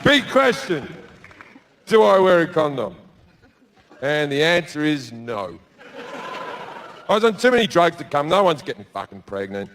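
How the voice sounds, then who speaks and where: A man's voice: on the high side, big pitch swings, measured pace, pauses often, a bit bright, a faint crowd. An Australian man doing a stand-up set on a theatre stage, telling a crude story in a laid-back way and acting out the quotes. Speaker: stand-up comedian. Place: large theatre stage with live audience.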